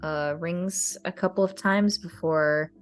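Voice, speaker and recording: A woman narrating a tabletop game as game master in a measured way. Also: fairly low pitch, fairly even intonation, faint music behind. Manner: slow, measured narration with fillers.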